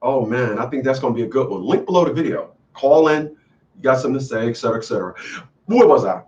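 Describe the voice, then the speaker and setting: A man's voice: medium pitch, animated, fast, a little mellow, recorded from a distance, dull audio. A man hosting a call-in show, lecturing emphatically and repeating lines for effect. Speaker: radio call-in host. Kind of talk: preachy call-in commentary.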